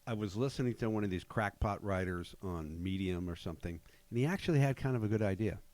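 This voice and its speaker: A man hosting a podcast, chatting casually with measured, dry humor. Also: lowish voice, a little mellow. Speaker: podcast host.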